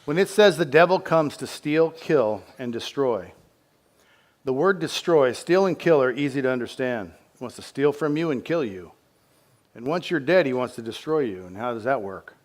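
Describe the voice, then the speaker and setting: Man, middle-aged, pastor, sermon, impassioned, repetitive emphatic phrasing, medium pitch. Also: lively intonation, moderate pace. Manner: impassioned preaching that swings from loud to hushed.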